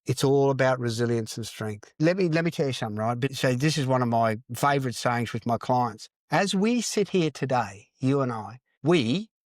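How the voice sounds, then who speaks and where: A middle-aged man tells a winding story on a podcast, his voice pitched right in the middle. He rambles and swears freely, leaning on "mate" every few lines. The sound is dry and close with no room around it. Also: lively intonation, moderate pace, few pauses, no echo. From Australia. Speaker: podcast guest, counsellor. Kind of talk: casual storytelling interview.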